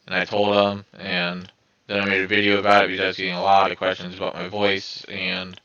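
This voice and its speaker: Scratchy-voiced male vlogger, low and bright-toned, hesitant delivery with lots of fillers. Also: completely flat delivery, brisk, clear, resonant tone. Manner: hesitant, many fillers and restarts. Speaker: video creator. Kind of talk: casual vlog talk to viewers.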